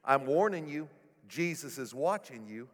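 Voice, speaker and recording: A man's voice: mid-range voice, lively intonation, unhurried. A man voicing a dry, smart-mouthed pet parrot. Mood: deadpan. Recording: echoey hall.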